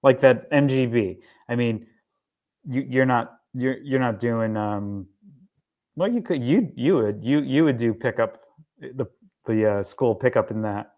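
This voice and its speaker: A man's voice: medium pitch, measured pace, darkish tone, lo-fi sound. A man co-hosting a casual car chat, easygoing and agreeable, often restarting his sentences. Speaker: podcast co-host.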